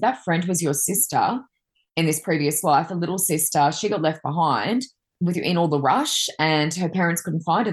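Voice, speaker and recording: Low-voiced chatty woman telling stories. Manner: chatty, rambling, many fillers. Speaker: Reiki master and card reader. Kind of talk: casual chat, telling anecdotes.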